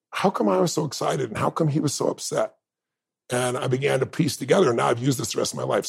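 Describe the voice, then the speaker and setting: A middle-aged man, a podcast guest, telling stories in an animated, emphatic way. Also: medium pitch, creaky, breathy edge, no echo. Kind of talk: storytelling interview talk.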